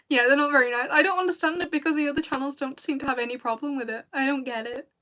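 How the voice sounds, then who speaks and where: A British woman's voice sits high and sounds bright and clear as she chats to her livestream viewers. She rambles through her thoughts and breaks into laughs often. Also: fast talker. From Britain. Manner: chatty and rambling, with frequent laughs. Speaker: video creator and streamer. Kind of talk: casual livestream chat with viewers.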